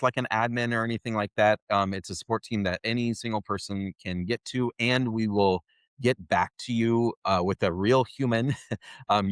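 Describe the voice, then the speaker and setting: A man answering interview questions casually, halting and restarting often. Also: fairly low pitch, no room sound, clean studio sound. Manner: halting, with many fillers and restarts. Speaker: software company guest.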